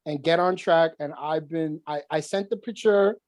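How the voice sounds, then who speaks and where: A man's voice: fairly high pitch, normal speed, dry recording. A man co-hosting a casual podcast, telling stories with lots of swearing and laughter. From New York. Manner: animated storyteller, swears often, laughs mid-sentence. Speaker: podcast co-host.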